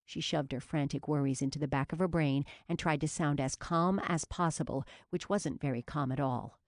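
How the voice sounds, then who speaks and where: Female audiobook narrator, low register, dry close read, steady and measured. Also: dry recording.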